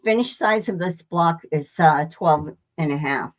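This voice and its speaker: A woman with a low, unhurried voice hosts a quilting livestream, giving a casual live demonstration from her sewing room. She rambles and restarts sentences while greeting viewers by name.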